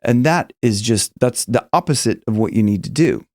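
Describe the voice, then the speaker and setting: A man teaching singing, explaining casually and breaking into high sung examples. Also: expressive, normal speed, darkish tone, no room sound, studio quality. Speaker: vocal coach. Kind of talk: singing lesson with demonstrations.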